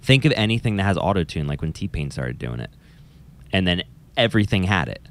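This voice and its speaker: Low-voiced man chatting animatedly. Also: brisk. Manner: animated, swears casually, mimics voices. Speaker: podcast co-host, music teacher. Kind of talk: casual chat.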